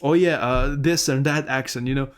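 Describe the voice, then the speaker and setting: A man streaming a game, giving excitable commentary, swearing often and laughing. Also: medium pitch, normal speed, clear, resonant tone. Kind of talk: let's-play commentary.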